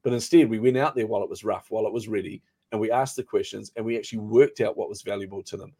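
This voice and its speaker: Fast-talking man telling a story. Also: lowish voice, breathy edge. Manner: animated storyteller, acts out quoted dialogue. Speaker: guest, startup founder. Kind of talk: casual interview storytelling.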